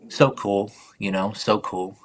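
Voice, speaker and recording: A man hosting a live stream, talking casually and reflectively about faith and life, sometimes slipping into soft whispered affirmations. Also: fairly low pitch, level tone, slow pace. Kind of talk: casual spiritual chat.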